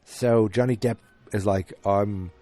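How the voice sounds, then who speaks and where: A man's voice: on the low side, measured pace, darkish tone, soft background music. A man hosting a podcast, casually recapping a film in a rambling way with lots of fillers and restarts. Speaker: podcast host.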